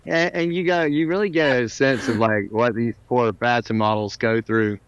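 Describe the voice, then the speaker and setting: A man in his fifties from South Carolina, a musician guest telling lively, self-deprecating stories in a casual interview. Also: medium pitch, moderate pace, smooth, no room sound. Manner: animated anecdotes with self-deprecating humor. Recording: dull, slightly lo-fi sound.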